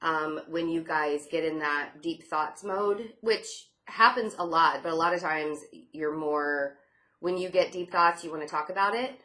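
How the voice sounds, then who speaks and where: Young woman doing a chatty tarot reading, kinda sarcastic, lowish voice. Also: unhurried, a bit bright. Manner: chatty and sarcastic, many fillers and laughs. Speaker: tarot reader.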